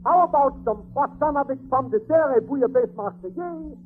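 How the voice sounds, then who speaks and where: French-accented Paris waiter, sly wisecracker, high lively voice, tinny old radio with music. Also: male voice, brisk. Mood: mocking. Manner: theatrical, teasing, flowery. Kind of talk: 1940s radio comedy acting.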